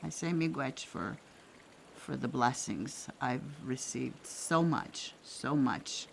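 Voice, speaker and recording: An older woman, an elder from Canada, tells a personal story in an unhurried, drawn-out way. Her voice has a gravelly, creaky texture, and she speaks gently and reflectively, pausing often. A faint noise sits behind her. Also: a bass voice, lively intonation. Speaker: elder sharing traditional teachings.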